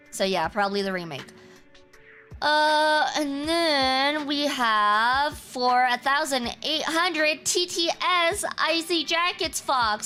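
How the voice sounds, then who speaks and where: Chatty streamer lady, kinda high voice, teasing her chat, faint music behind. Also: bright, forceful tone. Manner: chatty, teasing and self-assured. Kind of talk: casual chat with a live chat.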